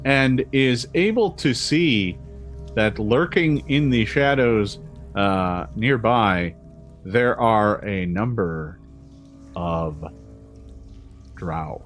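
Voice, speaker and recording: A man's voice: on the low side, expressive, drawn-out words, long pauses, soft background music. A man running a tabletop game as game master, narrating scenes and laughing often.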